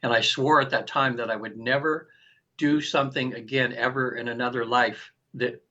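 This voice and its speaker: Bright-voiced man in his sixties recounting. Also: medium pitch, normal speed. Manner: animated storyteller, acts out quoted lines, frequent restarts. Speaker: guest. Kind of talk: personal storytelling in an interview. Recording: dull lo-fi recording.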